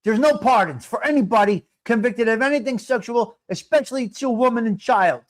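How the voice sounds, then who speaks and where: Talking fairly quickly, this man in his fifties hosts a live stream and chats casually with viewers in the live chat. His voice is high-pitched for a man, and he rants at full volume, curses plenty and addresses people by name.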